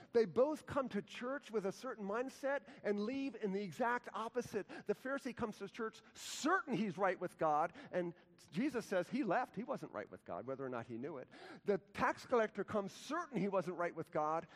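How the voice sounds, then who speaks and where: Impassioned male pastor in a reverberant hall. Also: on the high side. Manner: impassioned preaching with wide swings from loud to hushed. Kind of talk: sermon.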